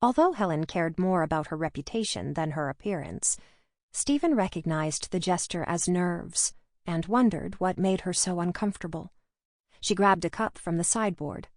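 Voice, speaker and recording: A woman's voice: fairly low pitch, a little mellow, no room sound, studio quality. Woman narrating a mystery audiobook. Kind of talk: scripted narration.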